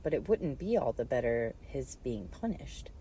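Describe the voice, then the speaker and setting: A woman voicing a polite, curious young girl who asks earnest questions slowly, reading a storybook. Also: rumbling low, sing-song, dark tone, a little hiss or hum.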